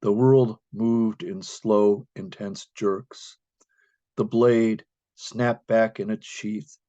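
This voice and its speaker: A man reading his own poem slowly and deliberately at an open mic. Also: lowish voice, fairly even intonation, warm tone, no echo. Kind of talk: poetry reading. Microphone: video call. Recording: dull lo-fi video call audio.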